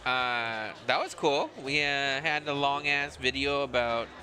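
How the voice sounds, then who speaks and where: A man co-hosting a casual stream, animated and teasing, swearing freely. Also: medium pitch, measured pace. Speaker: co-host.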